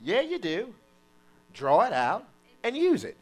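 A man's voice: sits high, unhurried. A man preaching a sermon, calling on the congregation to repeat after him and acting out quoted voices. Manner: animated preaching with call-and-response and mock quotes.

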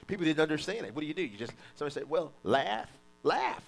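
A man preaches a sermon in a fairly high, creaky voice at a quick pace, with faint music in the background. He's animated, leading the congregation in call-and-response and acting out quoted voices in mock tones.

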